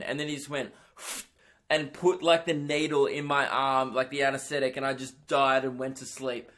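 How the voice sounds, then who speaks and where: Rambling young comedian, slightly high voice. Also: male voice, moderate pace. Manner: rambling, animated storytelling with frequent swearing and filler words. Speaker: comedian podcast host. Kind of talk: solo comedy podcast monologue.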